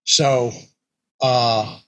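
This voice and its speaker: Speaking at medium pitch, a man shares an old tabletop game story in a casual, animated way. Every so often he breaks into quick impressions of the players and the monster.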